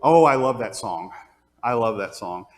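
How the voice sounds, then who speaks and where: A man teaching a class on leading congregational singing, explaining step by step and singing out pitches and counting beats aloud. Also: expressive, moderate pace. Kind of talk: hands-on music class teaching.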